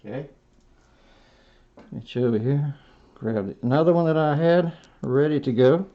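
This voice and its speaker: Slow, folksy man narrating a robot build. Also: on the high side. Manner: folksy, self-talking, stops and corrects himself. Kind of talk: hands-on build tutorial narration. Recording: dull lo-fi sound.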